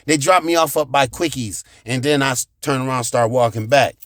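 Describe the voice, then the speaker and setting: A man telling a profane childhood story, animated, with sound effects and shouted reenactments. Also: medium pitch, a little fast, no room sound, studio quality. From United States.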